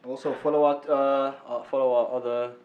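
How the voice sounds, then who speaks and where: A man's voice: medium pitch, flat delivery, brisk, phone-quality sound. A young man joking around on a podcast, throwing in playful interjections. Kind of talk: casual chat.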